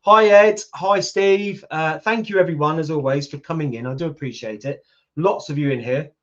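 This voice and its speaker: A man's voice: a little high, moderate pace, fairly bright tone. A man in his fifties with a British accent, chatting casually with viewers on a livestream and answering their comments. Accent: British English. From United Kingdom. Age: 50s. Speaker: YouTube channel host. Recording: lo-fi livestream audio.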